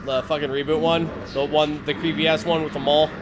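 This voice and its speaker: A man in his forties, a live streamer, telling a story in a casual, animated and profane way with frequent laughs. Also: on the high side, brisk, noisy background.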